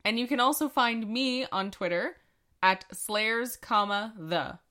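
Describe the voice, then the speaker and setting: A woman's voice: a little high, measured pace, pushed and bright. A woman co-hosting a casual podcast, reading pun lists and often dissolving into giggles. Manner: giggly, breaks into laughter while reading. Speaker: podcast co-host.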